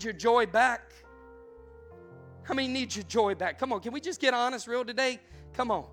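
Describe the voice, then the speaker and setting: Fervent high-voiced male preacher. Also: moderate pace, pauses often, soft background music. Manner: builds from conversational storytelling to loud, fervent prayer. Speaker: pastor. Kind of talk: sermon. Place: church room packed with people.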